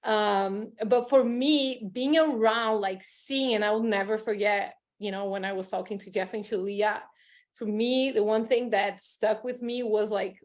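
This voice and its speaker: A woman's voice: mid-range voice, fairly even intonation, measured pace. A woman hosting a podcast as a coach, talking in an effusive, rambling way full of fillers. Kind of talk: casual podcast chat.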